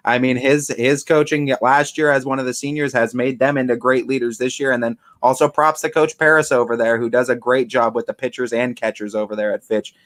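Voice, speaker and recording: A man's voice: mid-range voice, little pitch movement, fairly quick, few pauses, a bit bright. A man co-hosting a sports show, easygoing and upbeat. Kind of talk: casual sports chat.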